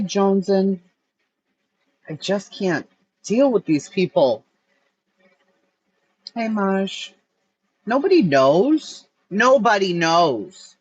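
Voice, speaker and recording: A woman's voice: sits low, slightly rough. An older woman hosting a true-crime channel, ranting angrily and profanely during a livestream. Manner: angry, profane, exasperated ranting. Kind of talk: livestream rant. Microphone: phone. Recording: dull lo-fi sound.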